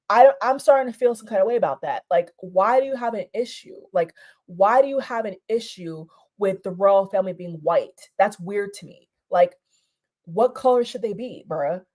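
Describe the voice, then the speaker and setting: A woman's voice: mid-range voice, dark tone. A woman from Europe giving a heated, casual reaction rant, repeating herself and restarting her sentences, with some swearing. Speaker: vlogger.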